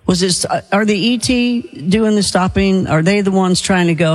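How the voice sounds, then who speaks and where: A man hosting a call-in radio show in an easygoing, chatty way. His speaking voice sits high for a man. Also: steady tone, normal speed.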